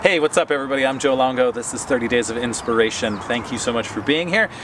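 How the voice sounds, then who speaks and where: A man's voice: medium pitch, fast talker, over loud music. A man hosting a casual chat outdoors near traffic, easygoing and jokey. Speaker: host.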